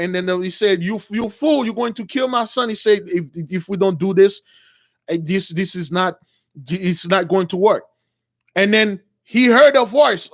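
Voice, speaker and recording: Man, high voice, unscripted religious storytelling, halting, repeats words, earnest and dramatic. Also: a bit bright. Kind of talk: unscripted retelling of a vision.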